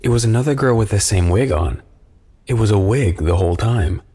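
Guy reading a creepy true story, low voice, kinda husky, calm and steady. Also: fairly quick. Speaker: horror story narrator. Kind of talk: scripted first-person horror narration.

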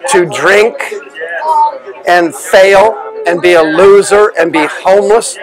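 A man leading a deliverance prayer, forceful and commanding, often shouting. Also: high-pitched, slow pace, low-quality recording. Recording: crowd noise behind.

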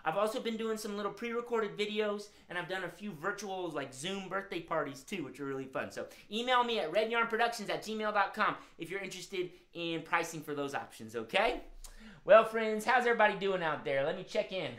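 A woman's voice: mid-range voice, expressive, fairly quick. Upbeat woman hosting a kids' stream. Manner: warm, upbeat, talks to children directly. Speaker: children's musician and show host. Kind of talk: live-streamed kids' show.

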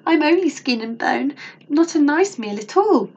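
A woman voicing a frail, sick old grandmother in a read-aloud storybook, with a husky voice. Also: on the low side, sing-song, quick pace, a little mellow, highs cut off, heavily acted. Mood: pleading.

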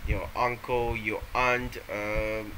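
A man's voice: lowish voice, flat delivery, slow, sharp tone, a little hiss or hum, low-quality recording. A man vlogging from home, rambling playfully and hesitantly, often restarting his sentences. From Malaysia. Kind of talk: casual rambling vlog.

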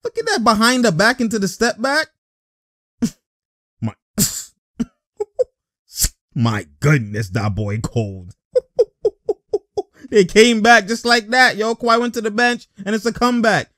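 An excitable man calls out basketball plays in loose slang and keeps breaking into laughter. His pitch swings all over the place, yet he talks at an unhurried pace. The sound is dry and close. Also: dry recording. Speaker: basketball highlight reactor. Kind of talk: casual reaction commentary.

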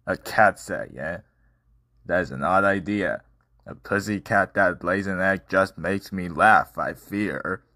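A man voicing a gruff, mocking farm dog in a storybook, with a scoffing delivery in a low voice. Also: slow, sharp tone, no room sound, clean studio sound, heavily acted.

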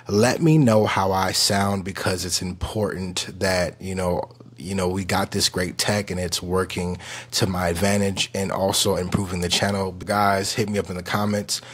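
A man's voice: low voice, husky. A man hosting his vlog in casual, playful, rambling talk to the camera, enthusiastic about his gear, recorded on a wireless clip-on mic. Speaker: vlog host.

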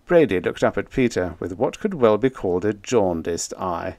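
A man narrating a vintage science fiction short story in a scripted, expressive storytelling style. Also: lowish voice, moderate pace, few pauses, no echo. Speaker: audiobook narrator.

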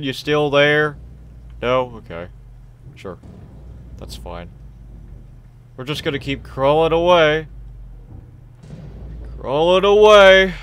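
A man's voice: lowish voice, a bit bright, a little hiss or hum. A young man giving chatty, joking let's play commentary and talking to the game characters. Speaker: gaming streamer.

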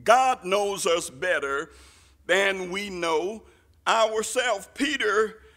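A man preaching a sermon with passion, swinging from quiet asides to shouted lines, using folksy Southern turns of phrase. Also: high voice, lively intonation, drawn-out words. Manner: impassioned, rising to shouts.

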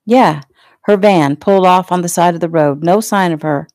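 A jealous, bullying small-town male cop who barks his questions loud and pushy, as a woman puts him on. The voice keeps a mellow, darker color. The sound is close and dry. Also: high voice, moderate pace, dry recording. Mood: demanding.

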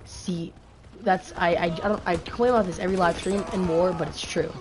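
A woman's voice: fairly low pitch, steady tone, fairly quick, background noise. Profane, frustrated woman gaming streamer. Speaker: live streamer. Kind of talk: angry gaming live stream rant. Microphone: gaming headset mic.

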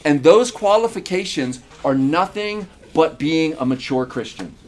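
A man's voice: a little high, lively intonation, unhurried. A man preaching a sermon as pastor, emphatic, with repeated phrases and rhetorical questions. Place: church in Uganda.

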